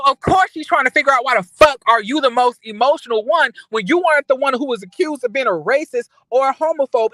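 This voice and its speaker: A man giving casual recap commentary on reality TV, animated and outraged, ranting with lots of profanity and restarts. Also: very high voice, dry recording, poor audio.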